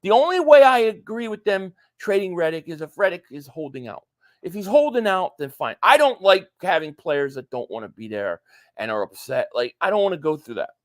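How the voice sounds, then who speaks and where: Male stream host, high voice, dry close mic, chatty, reads out viewer comments. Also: sing-song, a little fast, no echo. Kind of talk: casual live stream chat.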